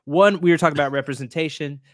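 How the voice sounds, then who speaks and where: A young man from Indiana chatting casually on a podcast, animated and joking with lots of fillers. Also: fairly high pitch, fast talker, no room sound, clean studio sound. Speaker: podcast co-host. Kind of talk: casual chat.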